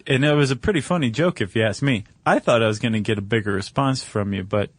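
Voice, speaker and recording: A man's voice: mid-range voice, quick pace, slightly rough, no room sound. Jokey, rambling male podcast host. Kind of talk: casual chat.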